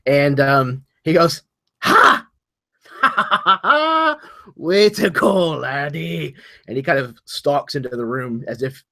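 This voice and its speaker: A man's voice: mid-range voice, a bit bright. A man playing a tabletop game, narrating what his character does with frequent ums. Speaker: player.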